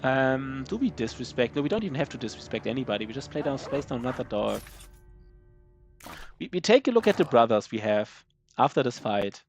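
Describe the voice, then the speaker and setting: A man's voice: medium pitch, big pitch swings, brisk, soft background music. A man streaming a strategy game live, answering his chat in a loose, rambling way with many fillers and restarts. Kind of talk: casual live-stream chat while gaming.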